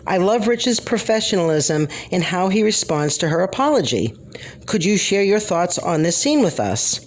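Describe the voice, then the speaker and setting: A woman's voice: lowish voice, very animated, moderate pace, a little hiss or hum. A woman from Florida, a viewer, earnestly reading a prepared question.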